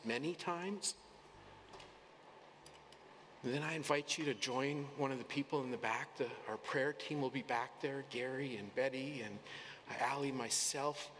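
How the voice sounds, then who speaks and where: Slow, earnest preaching man in a reverberant hall. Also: medium pitch, slight background noise. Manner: earnest, emphatic preaching that drops to soft near-whispers. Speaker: pastor. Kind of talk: sermon. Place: church sanctuary. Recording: long hall reverb, faint room ambience.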